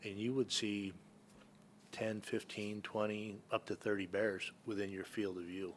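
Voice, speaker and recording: Unhurried and flat, with a fairly low pitch, a Northern California entrepreneur and hunting guide shares rambling stories in a casual podcast interview. He uses many fillers and restarts, and a little hiss or hum runs through the audio.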